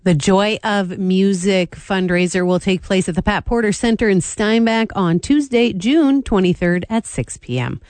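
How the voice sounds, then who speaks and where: A woman's voice: mid-range voice, lively intonation, normal speed, hardly any pauses, darkish tone, no echo. A woman hosting a radio news segment in an upbeat, smiling way, on a studio mic. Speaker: radio host.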